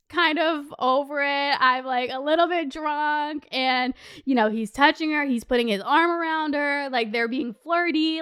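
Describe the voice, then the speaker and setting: A young woman with a bright, high voice tells a storytime on her vlog. She talks in an animated way and swears freely, her delivery wavering between laughing and almost crying. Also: normal speed. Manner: animated, profane, swings between laughing and near-tears. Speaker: vlogger.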